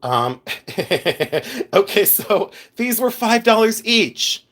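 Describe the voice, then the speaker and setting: A man's voice: high-pitched, sing-song, extremely slow, fairly bright tone. A man hosting a live stream about gems, chatting casually with viewers, giggling often and rambling into asides. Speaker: livestream host showing gems.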